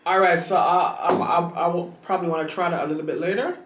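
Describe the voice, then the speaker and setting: A woman's voice: on the low side, fairly even intonation, fast. A young woman co-hosting a mukbang in casual chat, talking playfully and drawing out her words. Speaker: mukbang co-host. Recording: roomy echo, faint noise.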